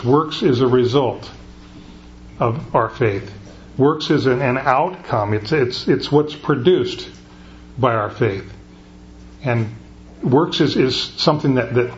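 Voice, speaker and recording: A man's voice: medium pitch, unhurried, lo-fi sound, a little hiss or hum. A middle-aged man preaching a conversational sermon, often restarting his sentences. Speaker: pastor.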